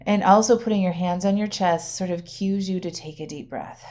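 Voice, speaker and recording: A woman's voice: lowish voice, moderate pace, darkish tone. A woman hosting her own podcast as a coach, talking casually and directly to listeners, often checking in with "right?" and laughing lightly. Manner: chatty, frequent "right?" and "okay?", laughs often. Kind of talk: casual solo podcast talk.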